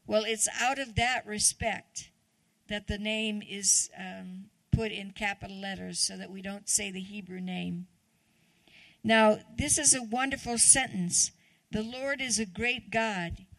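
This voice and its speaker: A woman's voice: mid-range voice, steady tone, unhurried, gravelly, fairly bright tone, no echo. A woman guest preacher giving a chatty, conversational sermon, often asking the congregation questions.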